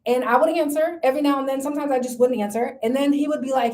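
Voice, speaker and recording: Young woman, high voice, sassy and emphatic, chatty dating-advice vlog. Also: steady tone, rapid-fire, darkish tone, slight background noise, low-quality recording. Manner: sassy, emphatic, addresses viewers as girl. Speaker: vlogger. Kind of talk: casual dating advice chat.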